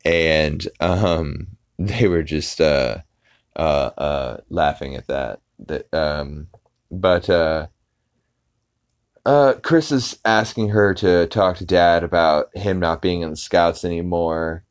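A man's voice: low-pitched, takes it slowly, clean tone. A man hosting a podcast, casually recapping an episode in a rambling way full of fillers and restarts. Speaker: podcast host.

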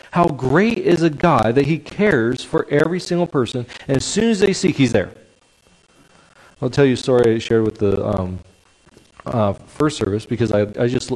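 Man preaching, conversational sermon, animated pitch, frequent asides. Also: low-quality recording. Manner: lively, conversational preaching with asides and audience checks. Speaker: pastor.

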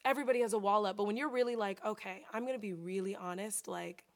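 A woman's voice: medium pitch, quick pace. A woman co-hosting a candid, casual chat, telling a personal story animatedly and acting out dialogue. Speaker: podcast co-host.

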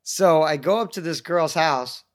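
Rambling storyteller man, slightly high voice. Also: a little slow. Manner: rambling, self-mocking, acts out quoted voices. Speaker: podcast guest telling stories. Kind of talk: casual storytelling chat.

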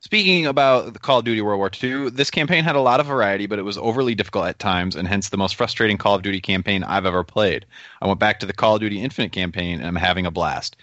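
Brief: teasing male podcast co-host, low bright voice, dry muffled sound. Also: fast talker, no echo. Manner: teasing, reads listener feedback aloud. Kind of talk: casual chat.

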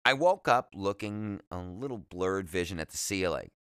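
Man reading his memoir, lively lilt. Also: low-pitched, moderate pace, clean tone, dry recording, studio quality. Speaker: narrator.

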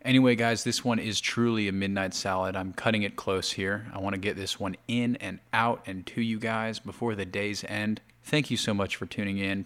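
A man's voice: on the low side, fairly bright tone. A man chatting casually to camera for his video blog, talking between bites of food. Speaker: video blogger.

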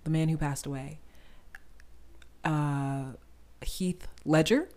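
A young woman with a somewhat low voice talks casually about acting as a podcast guest. She is animated and quick to laugh, and she fills her sentences with "like.". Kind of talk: casual conversation.

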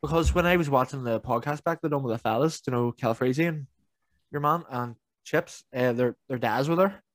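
A man's voice: mid-range voice, a little fast, no echo. A young man, chatting casually on a podcast and swearing freely. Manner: animated, swearing, mimics viral clips. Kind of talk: casual chat.

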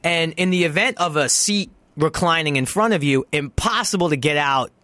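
Animated New York man on a podcast. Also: a little high, normal speed, no room sound. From Brooklyn, New York. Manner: animated, swearing storyteller. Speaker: guest. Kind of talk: casual podcast chat.

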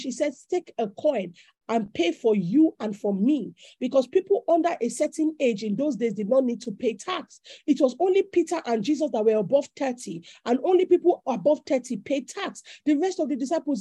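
A woman's voice: high-pitched, warm tone, dry recording. A woman preaching a sermon, emphatic and repetitive in cadence.

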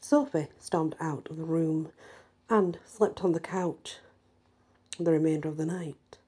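A woman reading a folk horror story aloud in a measured, slightly hesitant way. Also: low-pitched, mellow, slightly rough.

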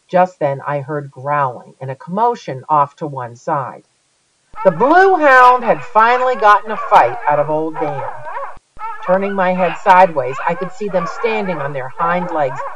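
An audiobook reader telling a first-person story with a lively, dramatic delivery. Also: mid-range voice, muffled recording.

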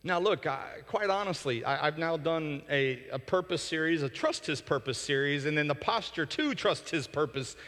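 A man preaching a sermon as pastor, impassioned, rising to loud peaks and falling to soft prayer, often restarting words. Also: on the high side, expressive. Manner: repeats words in quick restarts. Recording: long hall reverb.

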